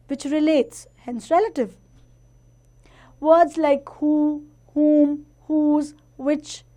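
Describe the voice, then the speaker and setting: A woman teaching a grammar lesson to children, explaining each point slowly and carefully. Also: high-pitched, darkish tone.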